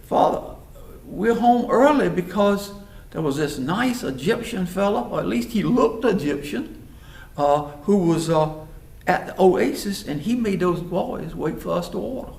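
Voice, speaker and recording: A man's voice: high-pitched, animated, unhurried, vocal fry, darkish tone, full character voice. A man voicing polite young shepherd sisters, in a raised, eager voice. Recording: roomy hall, mic far off.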